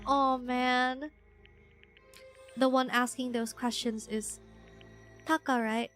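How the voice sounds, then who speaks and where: A young woman live-streaming a game, with a high, bright and sharp voice. She reacts loudly and excitably, often breaking into squeals, and faint music plays underneath. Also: takes it slowly, long pauses. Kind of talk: live game playthrough commentary.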